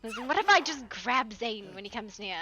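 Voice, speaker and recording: A woman's voice: on the high side, lively intonation, moderate pace, pushed and bright, faint music behind. A woman streaming a game with friends, chatting casually, laughing often and swearing freely. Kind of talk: casual chat while gaming.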